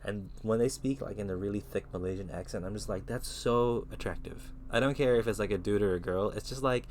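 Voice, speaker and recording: Young man from the Philippines, streamer, low-voiced, relaxed slangy chat on a headset. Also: slight background noise. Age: 20s. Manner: laid-back, slangy, chatty. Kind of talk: casual live-stream chat.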